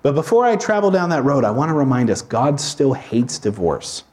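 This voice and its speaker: A man's voice: medium pitch, very animated, normal speed, darkish tone. A man preaching an expository sermon as a pastor, talking in a conversational way with informal asides.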